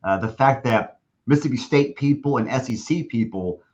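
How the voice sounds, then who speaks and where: A man with a mid-range, darkish voice speaks at normal speed as a podcast guest. The stadium announcer recounts a long story, rambling with many restarts and acting out the speech of others.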